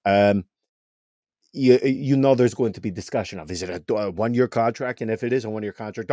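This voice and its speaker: A man co-hosting a casual sports podcast. He talks with lively energy, stumbling over repeated words as his thoughts race ahead. His voice is recorded dry, with no room sound. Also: lowish voice, brisk, dry recording. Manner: animated, repeats words when excited. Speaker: podcast co-host.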